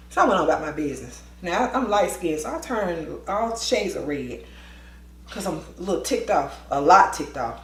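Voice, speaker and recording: A woman telling a school story in a lively vlog style, acting out the voices with quick asides. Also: fairly low pitch, reverberant, a little hiss or hum. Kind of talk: storytime vlog, animated retelling.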